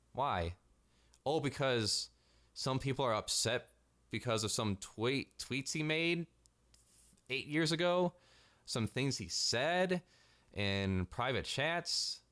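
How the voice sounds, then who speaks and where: A man's voice: mid-range voice, a bit bright. A man delivering a sarcastic, profanity-heavy commentary rant as a vlogger.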